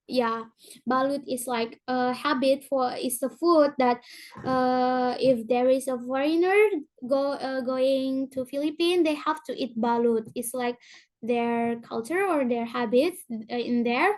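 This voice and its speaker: A young woman from Indonesia with a Sundanese accent, giving an informal presentation and searching for words as she speaks. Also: high-pitched. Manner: halting, searching for words in English.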